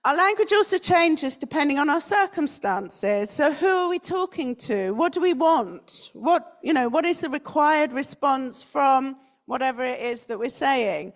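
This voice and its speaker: British woman, conference speaker, slightly high voice, chatty, quizzes the audience, hall. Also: lively intonation, a little slow, hardly any pauses. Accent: standard British English. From North London. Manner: chatty, asks the audience questions. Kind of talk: conference talk.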